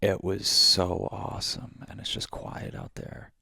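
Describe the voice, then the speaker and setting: A man's voice: low voice, a little slow, gravelly, sharp tone, slightly rough, no room sound, clean studio sound. A man co-hosting a podcast in casual chat, laid-back and rambling with lots of fillers. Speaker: podcast co-host.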